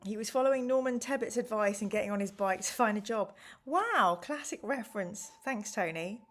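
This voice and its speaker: A woman's voice: medium pitch, lively intonation, moderate pace, faint music behind. A woman hosting a live gamebook stream, chatting casually and answering viewers by name.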